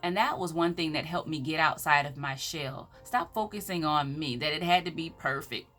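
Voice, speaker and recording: Soft music plays behind a woman with a low, slightly bright voice and a Southern American accent, speaking at a normal pace. She gives an inspirational faith talk as an empowerment speaker, preaching emphatically and quoting scripture.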